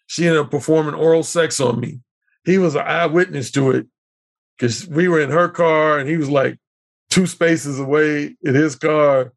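A man's voice: a little high, gravelly. A middle-aged man, a podcast guest, telling stories vividly and acting out the dialogue. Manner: vivid storyteller who acts out quoted dialogue. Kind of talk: storytelling in conversation.

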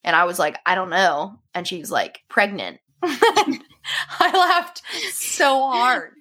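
Giggly bright-voiced woman co-host. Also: medium pitch, slow pace. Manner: giggly, animated storyteller. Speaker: podcast co-host. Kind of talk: casual chat.

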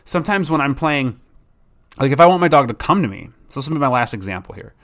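A young adult man who hosts a podcast and trains dogs, talking casually and rambling a bit, sometimes acting out an excited dog. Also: medium pitch, quick pace. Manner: rambling, relaxed, acts out excited dog voices. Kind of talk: casual solo podcast talk.

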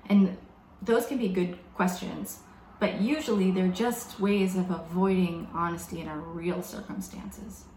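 A woman preaching a sermon in a reflective, measured way, slowing down to stress key words. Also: on the low side, steady tone, darkish tone, a little hiss or hum. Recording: echoey room with faint background ambience.

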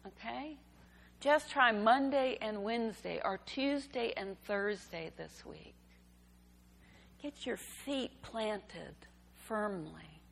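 A woman giving a sermon, telling a story in a gentle, unhurried way. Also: mid-range voice, creaky, slight background noise. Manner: slow, gentle storytelling delivery. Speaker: preacher. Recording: reverberant hall.

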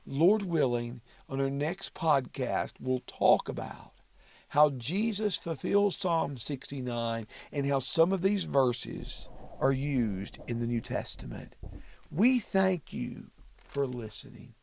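A man hosting a Bible study podcast, who walks through a psalm verse by verse in a measured, reflective way. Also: medium pitch, vocal fry, dry recording. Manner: measured, reflective reading of scripture. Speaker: podcast host teaching the Bible.

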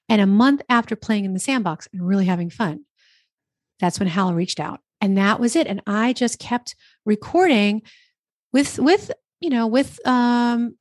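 A woman from New Jersey telling her story as a podcast guest, chatty and animated, acting out her own thoughts in quotes. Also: fairly high pitch, no echo, clean studio sound. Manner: chatty, animated, lots of quoted self-talk. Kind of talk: casual interview storytelling. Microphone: podcast microphone.

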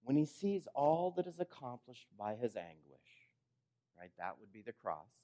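A pastor preaching a sermon. He talks to the congregation conversationally, asks them questions, and moves between emphatic lines and quiet, low endings. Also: very animated, unhurried.

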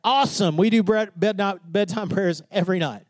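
High-voiced man preaching a sermon. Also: moderate pace, no echo. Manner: preaching with rising fervor, questions to the congregation. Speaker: pastor.

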